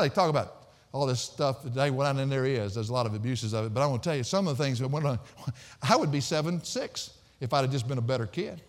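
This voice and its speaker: Man, pastor, folksy sermon, laughs a lot, very lively pitch, long church-hall reverb. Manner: folksy storytelling, laughs often, swings from soft to loud.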